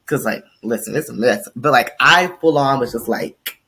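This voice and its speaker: A young woman co-hosting a podcast, telling stories animatedly and jumping high in pitch when quoting people. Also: normal speed, husky. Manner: animated storyteller, swoops high for quotes. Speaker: podcast co-host. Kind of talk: casual chat.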